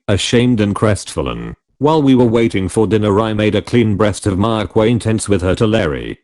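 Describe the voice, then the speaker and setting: Male audiobook narrator, low, animated storytelling voice. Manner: expressive first-person storytelling. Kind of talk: scripted narration.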